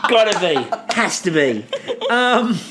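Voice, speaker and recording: Guy cohosting a podcast, sarcastic rambly jokes, pitch all over the place, bit of hiss behind. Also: very animated, takes it slowly, a bit bright. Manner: rambling, sarcastic, mock-dramatic asides. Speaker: podcast co-host. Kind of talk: casual comedic chat.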